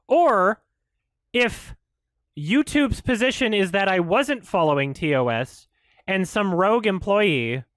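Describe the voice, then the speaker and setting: Lively high-voiced ranting man. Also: dry recording, studio quality. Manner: frustrated, swearing, animated ranting. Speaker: YouTube commentator. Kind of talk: ranting commentary.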